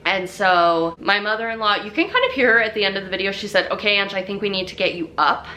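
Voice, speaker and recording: A woman's voice: mid-range voice, animated, quick pace, few pauses, pushed and bright. Chatty young woman telling a story. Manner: chatty, many "like" fillers. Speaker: vlogger telling her birth story. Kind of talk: casual storytelling to camera.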